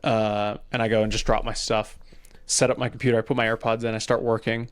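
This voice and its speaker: A man's voice: on the low side, quick pace, smooth. A man co-hosting a podcast, casually telling a funny story and quoting the people in it. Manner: animated retelling, quoting people in his story. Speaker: podcast co-host.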